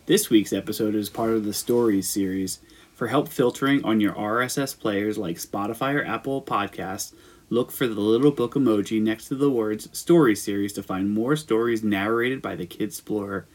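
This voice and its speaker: A man reads a podcast intro in a calm, even way. His voice sits a little low and stays steady. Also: moderate pace. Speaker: podcast announcer.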